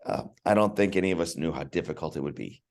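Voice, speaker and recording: A man's voice: deep voice, expressive, quick pace, vocal fry, a little mellow. A man, a podcast guest, telling a personal story in an earnest, emotional way, often restarting his words. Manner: earnest, emotional, repeats words when starting.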